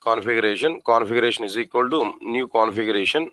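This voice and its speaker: Man teaching code, slow and repetitive. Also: mid-range voice, a bit bright, dry recording, low-quality recording. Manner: repetitive, asks the class questions, spells out code slowly. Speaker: programming teacher. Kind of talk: live coding lesson.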